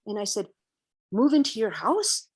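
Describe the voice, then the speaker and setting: A woman in her sixties, a guest on an interview podcast, telling a personal story in an animated way and acting out her own past outbursts. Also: mid-range voice, normal speed, husky. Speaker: interview guest, vegan educator.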